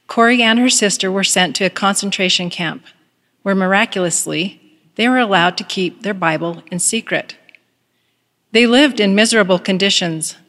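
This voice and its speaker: A woman giving a devotional address, reading a story in a measured, earnest way. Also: mid-range voice, a bit bright, big-room sound. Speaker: devotional speaker.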